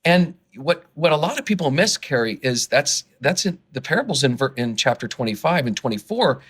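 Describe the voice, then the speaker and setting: A fundraising consultant guesting on a podcast interview speaks passionately and earnestly, getting worked up and excited, with many restarts and repeated words. His voice runs on the high side, fairly quick, with a breathy edge.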